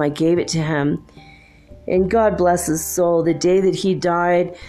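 A woman tells a rambling personal story in a low, gravelly voice, full of fillers and easy laughs. She speaks in a casual, unscripted way. Faint music sits behind her. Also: darkish tone.

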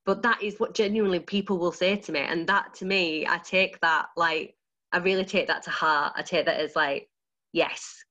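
Lower-voiced Yorkshire woman, dance studio owner; gushing, animated interviewee who laughs easily. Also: moderate pace, dull audio. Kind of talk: enthusiastic interview answers.

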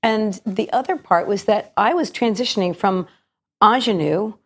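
A middle-aged actress and cabaret singer is a guest on a radio interview, her voice slightly gravelly today. She tells stories in a chatty, reflective way, restarting often. Her pitch is medium, her pace moderate, and her tone fairly bright.

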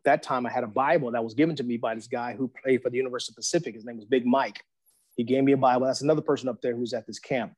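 A guest on a podcast, this man in his forties relates his faith story in an animated, slang-heavy way, voicing the people he quotes. His pitch sits in the medium range.

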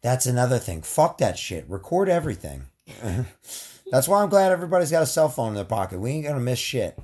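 A man's voice: medium pitch, very animated, a little fast, a little mellow, husky. A man co-hosting a casual history podcast, profane and jokey. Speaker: podcast co-host.

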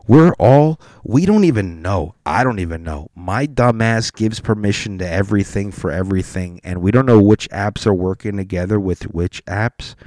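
A man's voice: fairly low pitch, warm tone, dry recording, studio quality. A man in a casual, rambling rant full of swearing and restarts. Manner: rambling, profane, restarts a lot.

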